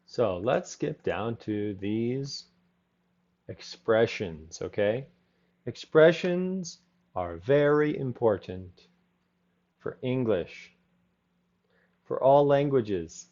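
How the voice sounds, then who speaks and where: Slow, lively-pitched male English teacher. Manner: slow, repetitive drilling with brief Spanish asides. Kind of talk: live online class. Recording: dull lo-fi audio.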